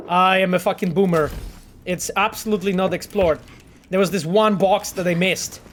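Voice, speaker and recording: The game developer here has a high, fairly bright voice, with a touch of hiss or hum on the recording. He plays a game he helped make on stream, casually talking with viewers, reasoning out loud and swearing among many fillers.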